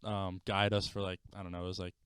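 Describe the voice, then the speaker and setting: A man hosting a casual podcast chat, telling stories in an animated way and swearing freely. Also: deep voice, fast, clear, resonant tone, no echo, clean studio sound. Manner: animated, profane storytelling. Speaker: podcast host.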